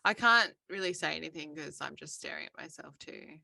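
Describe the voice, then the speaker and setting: Easygoing woman co-host, husky-low gravelly tone, dry close sound. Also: fairly quick, dry recording. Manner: easygoing storyteller, calm advice giver. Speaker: podcast co-host. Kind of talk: casual chat.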